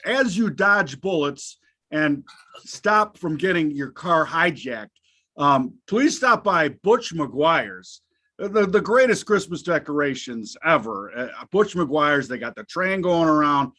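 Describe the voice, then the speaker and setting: A man's voice: fairly high pitch, animated, takes it slowly, pushed and bright. A man hosting a casual market show, joking and cursing freely. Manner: jokey, profane banter. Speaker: host.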